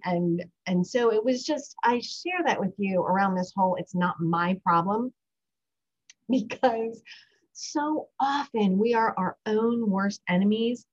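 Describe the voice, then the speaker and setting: Slow husky woman, lo-fi sound. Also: mid-range voice. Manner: warm reflective storytelling, guides breathing. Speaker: parenting podcast host. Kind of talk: casual solo podcast talk. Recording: dull lo-fi recording.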